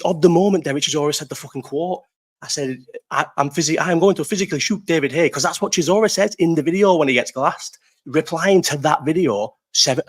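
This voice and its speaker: Rambling, laughing man in his thirties. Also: a little high. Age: 30s. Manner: rambling, swears a lot, laughs often. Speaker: live stream host. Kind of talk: casual live chat. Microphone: desk mic set too low.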